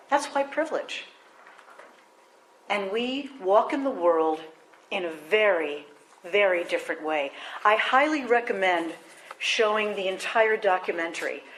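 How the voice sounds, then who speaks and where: A woman gives a platform address in a relaxed, conversational tone, often turning to her audience with questions. She has a mid-range voice, and a faint hiss sits under the recording. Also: medium pitch, low-quality recording. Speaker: speaker giving a platform address.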